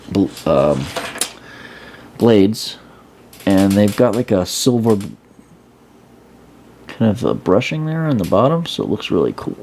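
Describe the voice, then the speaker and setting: Casual toy reviewer, man, low voice with a gravelly edge, loose and rambling. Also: slight background noise. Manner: relaxed, rambling, many fillers and restarts. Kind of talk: casual hands-on product review.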